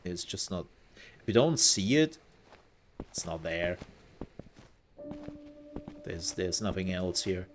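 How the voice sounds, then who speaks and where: A man's voice: low voice, lively intonation, slow pace, pauses often, music in the background. A man giving casual let's-play commentary, thinking aloud as he plays and trailing off into fillers. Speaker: gaming content creator.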